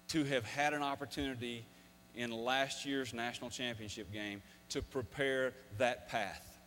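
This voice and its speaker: A man's voice: medium pitch, fairly bright tone, a little hiss or hum. A man in his fifties, a former coach, gives a folksy, emphatic motivational talk, telling stories to an audience. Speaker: speaker, former football coach. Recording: long hall reverb.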